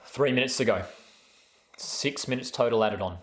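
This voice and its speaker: A young man talks viewers through a live match, chatty and quick to cheer. His voice sits in the middle of the male range. The room around him is echoey. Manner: casual, excitable, calls the play, bursts into loud high cheers. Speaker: host of a live football watchalong. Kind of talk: excited live match commentary to chat viewers.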